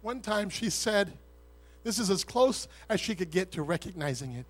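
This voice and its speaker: A man pastor preaching a sermon with an altar call, swinging between shouted fervor and hushed, intimate words. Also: high voice, animated, moderate pace.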